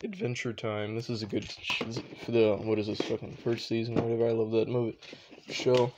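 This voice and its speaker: A man's voice: medium pitch, level tone, brisk, noisy background. A young man casually talking through his shelves at home in a rambling, unsure way, full of offhand asides. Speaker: vlogger.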